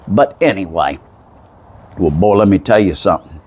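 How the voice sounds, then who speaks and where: A man's voice: low voice, animated, moderate pace, darkish tone, breathy edge. A man with a Southern US accent telling a folksy, meandering story in a casual monologue, full of asides. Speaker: vlogger.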